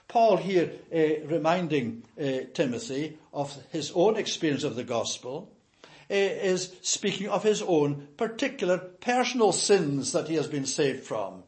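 A man preaching a sermon with a somewhat high-pitched voice. He speaks in a measured, emphatic way and stumbles over words now and then. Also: big pitch swings.

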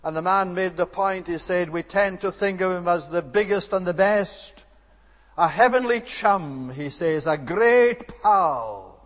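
Male preacher, high-pitched, earnest and emphatic delivery, long hall reverb. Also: measured pace, a bit bright. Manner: earnest, emphatic, rising to rhetorical outbursts. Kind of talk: expository sermon.

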